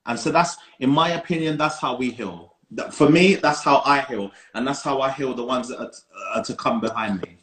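Man, 30s, podcast co-host, earnest, emphatic, mid-pitched voice. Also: normal speed, few pauses, fairly bright tone. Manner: earnest, emphatic, repeats key phrases. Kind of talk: casual chat.

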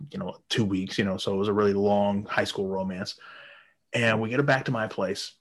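Laughing, profane male storyteller. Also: lowish voice. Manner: animated, laughing, heavy swearing, acted-out quotes.

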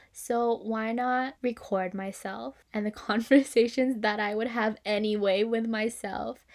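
Twenty-something girl rambling on her podcast, kinda high voice, cusses a lot, laughs a bunch. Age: 20s. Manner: frank and chatty, swears freely, laughs often. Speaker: podcast host. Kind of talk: casual solo podcast monologue.

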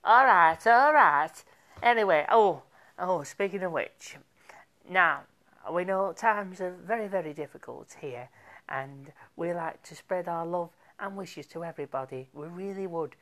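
A woman's voice: on the low side, unhurried, fairly bright tone. A woman hosting a comic community radio show, chatty and theatrical, gushing over each song and making asides to a helper. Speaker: radio DJ host.

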